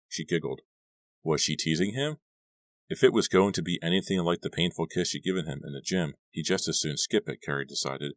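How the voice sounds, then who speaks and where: Male narrator, very deep voice, steady measured read, dry close sound. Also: no room sound. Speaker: audiobook narrator. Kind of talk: scripted narration.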